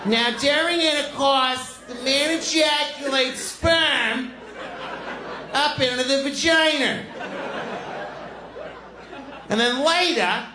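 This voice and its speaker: A man voicing a blunt, foul-mouthed older female schoolteacher with a Boston accent, loud and crude. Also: very high voice, slow pace, long pauses, voice pushed up. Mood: lecturing. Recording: roomy club with audience noise.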